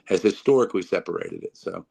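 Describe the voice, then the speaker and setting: A man's voice: low voice, fast, creaky, warm tone, a little hiss or hum. A man with a North Carolina Southern accent, chatting as a podcast guest and rambling with many fillers and restarts. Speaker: guest musician. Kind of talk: casual podcast chat.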